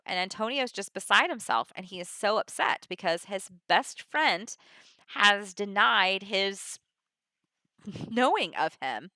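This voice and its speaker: A woman's voice: mid-range voice, animated, takes it slowly, sharp tone, dry recording. A woman casually retelling a play scene by scene, paraphrasing in everyday words with lots of "like" and "you know". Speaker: teacher summarizing a play.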